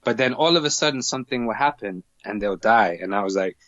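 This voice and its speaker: A male doctor speaking as a guest in a casual interview, earnest and halting, with many restarts. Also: on the low side, expressive, a bit bright, dry recording, highs cut off.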